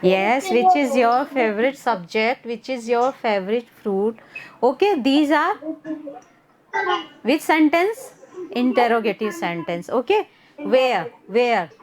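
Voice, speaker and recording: A woman's voice: fairly high pitch, lively intonation, slow pace. A young woman with an Indian accent teaching a grammar class, mixing Hindi and English and repeating words to drill them. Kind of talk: online class lesson.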